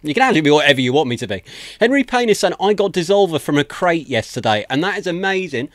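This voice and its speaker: A man's voice: a little high, very animated, fast, no echo, clean studio sound. Chatty man hosting a livestream. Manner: chatty, self-deprecating, frequent laughs and thank-yous. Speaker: livestream host. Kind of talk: casual chat to stream viewers. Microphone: desk microphone.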